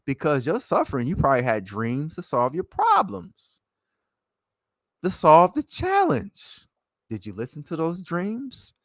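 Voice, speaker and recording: A man in a rambling casual monologue, swinging between loud and soft. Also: on the high side, wildly swooping pitch, measured pace, dry recording, studio quality.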